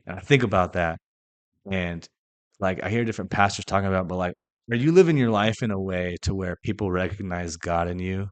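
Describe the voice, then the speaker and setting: A young man hosting a casual faith podcast monologue, impassioned and blunt, swearing freely and swinging between loud emphasis and quiet asides. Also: low-pitched, fairly quick, no room sound. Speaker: podcast host.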